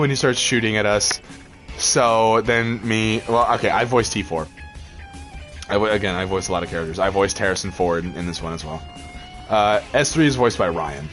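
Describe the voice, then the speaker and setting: A man's voice: on the low side, normal speed, a bit bright, faint music behind. A man chatting casually over gameplay, rambling through a story with lots of fillers and laughs. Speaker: gaming channel host.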